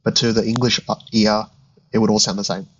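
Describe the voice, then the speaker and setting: A man's voice: fairly low pitch, flat delivery, fast talker, slight background noise. Easygoing young man, dull lo-fi sound. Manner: easygoing, agreeable, thinks aloud with fillers. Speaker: podcast co-host. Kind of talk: casual chat.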